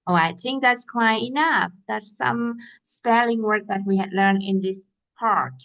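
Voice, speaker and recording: A woman's voice: medium pitch, measured pace, vocal fry, fairly bright tone. A woman English teacher walking young learners through a workbook, patiently naming each step and punctuation mark.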